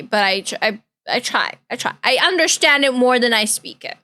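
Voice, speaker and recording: A woman's voice: fairly high pitch, expressive, moderate pace, hardly any pauses, bright, forceful tone. A woman streamer, chatting casually and giggling as she reacts to videos. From Canada.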